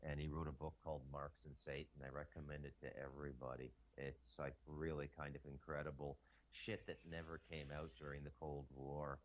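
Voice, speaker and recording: A man talking casually as a podcast guest, rambling and halting with frequent restarts. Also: very deep voice, little pitch movement. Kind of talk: casual conspiracy talk. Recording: dull, muffled sound.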